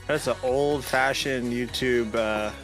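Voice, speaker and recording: Blunt bright-voiced guy, faint music. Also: mid-range voice, steady tone, slow pace. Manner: blunt, sweary, offhand. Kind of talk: casual chat.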